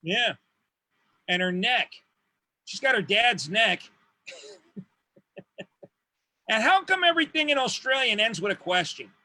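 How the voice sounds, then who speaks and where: A man's voice: high voice, big pitch swings, unhurried, long pauses, pushed and bright, dry recording. A man co-hosting a podcast in casual chat, crude and joking. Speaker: podcast co-host. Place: home studio.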